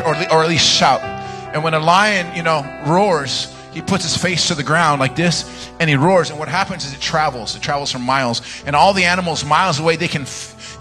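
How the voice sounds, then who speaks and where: A man preaching a charismatic sermon, telling jokey stories and praying fervently. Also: a little high. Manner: animated, joking storyteller, loud fervent praying. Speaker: guest preacher.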